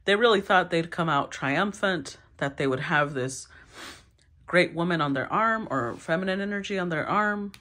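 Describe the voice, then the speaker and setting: A woman giving a solo tarot reading, thinking aloud with sighs, restarts and throat clearing. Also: fairly low pitch, moderate pace, a bit bright. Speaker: tarot reader.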